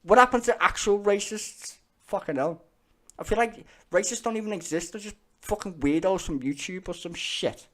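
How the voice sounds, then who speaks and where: Podcast co-host, lively swearing raconteur. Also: male voice, sits high, normal speed. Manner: animated, swearing, laughing storyteller. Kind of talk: casual chat.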